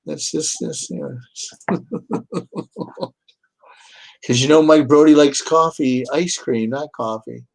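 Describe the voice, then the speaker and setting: A man's voice: a little high, slow, gravelly, pauses often, rough recording. Man bantering easily as co-host. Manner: easygoing, jokes and tells anecdotes. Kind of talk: casual fan chat.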